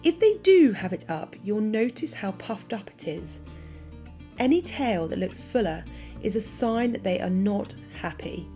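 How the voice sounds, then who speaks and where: A woman's voice: mid-range voice, measured pace, faint music behind. Woman narrating a scripted pet lesson. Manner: clear, even, informative reading.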